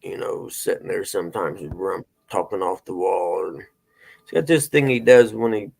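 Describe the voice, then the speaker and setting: A man's voice: sits low, normal speed, vocal fry, a little mellow, husky. A middle-aged man, hosting a casual morning show and telling rambling, folksy stories. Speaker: host.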